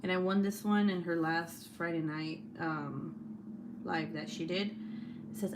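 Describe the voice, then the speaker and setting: A woman's voice: lowish voice, steady tone, measured pace, noisy background. A woman hosting a casual livestream, reading out chat comments, laughing often and swearing freely.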